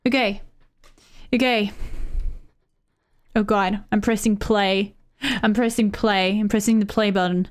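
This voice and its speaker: Slow, high-voiced woman streaming a game. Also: fairly even intonation, clean tone. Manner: frantic, talks to herself, repeats words. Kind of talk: live gameplay commentary.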